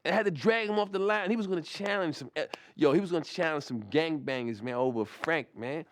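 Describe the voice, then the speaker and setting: A man's voice: a little high, fast. Rambling, profane male storyteller. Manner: rambling, profane, repetitive restarts. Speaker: comic storyteller. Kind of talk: animated anecdote telling.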